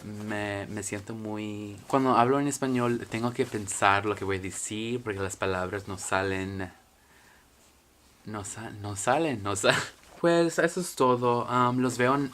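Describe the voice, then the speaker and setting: Bright-voiced young man vlogging, profane and self-mocking. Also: mid-range voice, slight background noise. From Mexican heritage, raised in the US. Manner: profane, self-mocking, rambling with bursts of laughter. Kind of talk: casual vlog chat. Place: bedroom at home.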